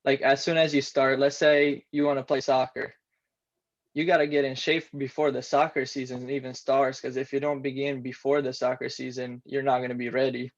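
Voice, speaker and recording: Young man around 20, Romanian accent, matter-of-fact, monotone, muffled lo-fi sound. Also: medium pitch, moderate pace. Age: about 20. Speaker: interview guest, former student athlete. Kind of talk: casual interview.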